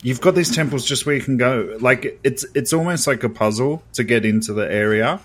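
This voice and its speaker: This young man, co-hosting a podcast with an Australian accent, talks fairly quickly at medium pitch over a little hiss or hum. It's a casual chat, and he rambles in a relaxed way, full of fillers.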